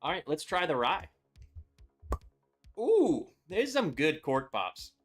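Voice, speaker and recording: On his laid-back live stream reviewing whiskey, a man chats cheerfully and calls out viewers by name. His fairly high voice swings widely in pitch and moves slowly, with soft music playing behind him.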